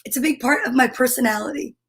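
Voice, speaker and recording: Bubbly high-voiced woman, scratchy rasp. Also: fast, a bit bright. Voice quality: scratchy, raspy voice. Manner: bubbly, enthusiastic, chatty. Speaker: live-stream story time host. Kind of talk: casual live-stream chat.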